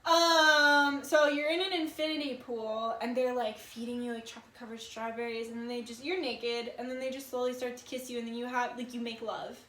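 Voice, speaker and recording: A woman's voice: a little high, fairly even intonation, a little fast, hardly any pauses, bright, forceful tone, slight background noise. A woman in her twenties giving a casual tarot reading, chatty and full of filler words and swearing. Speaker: tarot reader. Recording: echoey room.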